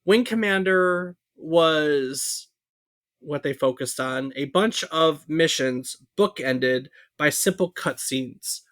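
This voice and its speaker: Higher-voiced man hosting a podcast. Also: takes it slowly, fairly bright tone, dry recording, clean studio sound. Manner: conversational, with fillers and asides. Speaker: podcast co-host. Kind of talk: casual podcast history talk.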